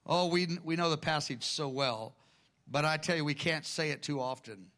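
A man preaching a sermon in a conversational, animated way, often acting out quoted speech. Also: on the high side, normal speed.

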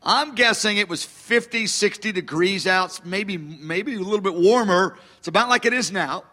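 A man in his fifties preaches through a personal story, relaxed and anecdotal. His voice sits high for a man and has a bright, forward edge. He pokes fun at himself with chuckling asides. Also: moderate pace, long reverb tail. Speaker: pastor. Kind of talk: storytelling sermon.

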